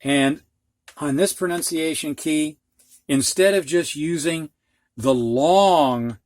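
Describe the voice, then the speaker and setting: In a dry recording, a Midwestern man with a fairly high, darkish voice talks at a slow pace. He's teaching reading in a frank, no-nonsense way, covering the symbols dictionaries use for pronunciation and elongating sounds to show them. It's a slow explanatory lesson.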